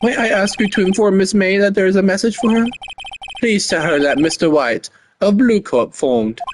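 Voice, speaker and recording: A man's voice: high voice, normal speed, slight background noise, pitched above the performer's own voice, close to an everyday voice. A man doing a fussy, formal young bellboy. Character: overly polite young male hotel bellboy. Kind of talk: voice acting a game playthrough.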